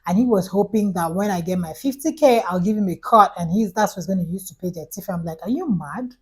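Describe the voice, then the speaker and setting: Husky young woman telling an exasperated story. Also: lowish voice, fast talker, poor audio. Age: young adult. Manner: animated, exasperated storytelling with quoted dialogue and frequent "like". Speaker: vlogger. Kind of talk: storytime vlog.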